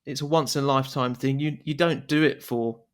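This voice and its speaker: A man in his twenties being interviewed on a podcast, speaking modestly and haltingly. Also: mid-range voice, fairly even intonation. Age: 20s. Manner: modest and halting, with many fillers and restarts. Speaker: interview guest. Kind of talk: conversational interview.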